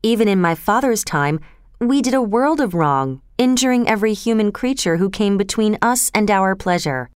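A woman voicing an earnest, troubled young nobleman in a storybook reading, with a smooth, clear voice. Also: medium pitch, expressive, moderate pace, no echo, studio quality, natural voice. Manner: earnest, pleading.

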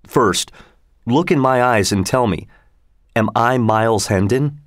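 A man's voice: medium pitch, measured pace, no echo, clean studio sound, lightly acted. A man reading the lines of an earnest returning soldier, raising his voice with emphasis. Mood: pleading. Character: Miles Hendon, loyal soldier returning home, earnest.

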